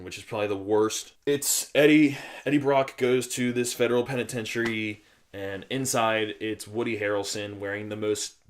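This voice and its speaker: A young man talking through a film review on his own, in a loose, rambling way full of fillers and acted-out quotes. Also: mid-range voice. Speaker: movie reviewer. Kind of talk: casual spoiler review monologue.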